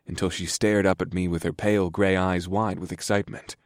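A man narrating a story in the first person in a calm, steady, soft-spoken way. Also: low-pitched, a little fast, no echo, studio quality.

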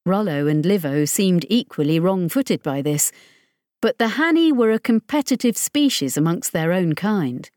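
Audiobook narrator, woman, lower-pitched, measured, dry studio sound. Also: no echo. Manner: measured, even storytelling.

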